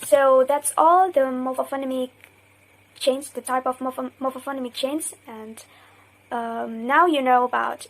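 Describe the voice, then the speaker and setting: A young woman student giving a recorded class presentation, explaining slowly with hesitations and repeated example words. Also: sits high, rough recording. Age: young adult. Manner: hesitant, self-correcting.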